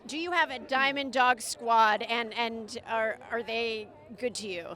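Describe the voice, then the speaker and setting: Bright high-voiced woman interviewer. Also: unhurried. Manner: playful, teasing questions. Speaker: red carpet interviewer. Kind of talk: casual entertainment interview. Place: outdoor red carpet premiere.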